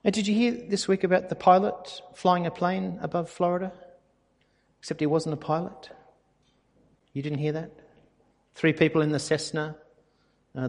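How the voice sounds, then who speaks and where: Animated pastor, husky voice. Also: male voice, a little high, in a large hall. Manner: conversational, anecdotal, animated. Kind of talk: sermon.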